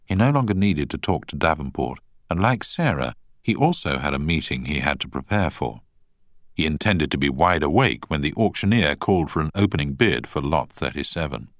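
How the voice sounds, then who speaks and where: A man narrating a novel in a measured, expressive reading. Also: a bass voice, no echo, studio quality. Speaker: audiobook narrator. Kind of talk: scripted narration.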